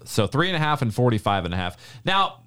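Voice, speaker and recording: A man's voice: mid-range voice, very animated, a little fast, fairly bright tone, clear, resonant tone. A man co-hosting a sports podcast, talking casually and confidently about football predictions. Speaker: podcast co-host.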